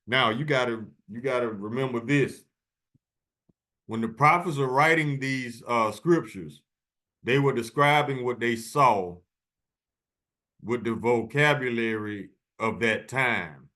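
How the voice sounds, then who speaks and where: An emphatic male host talks over video clips in a loose, preachy style, leaning hard on certain words and repeating them. His pitch sits at an ordinary middle height for a man. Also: slow, sharp tone. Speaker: channel host.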